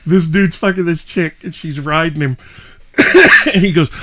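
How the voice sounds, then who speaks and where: A man's voice: on the high side, measured pace, slight background noise. A man co-hosting a podcast, telling crude stories in casual chat, often laughing and acting out quotes. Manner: laughing, animated, acts out quotes. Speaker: podcast co-host.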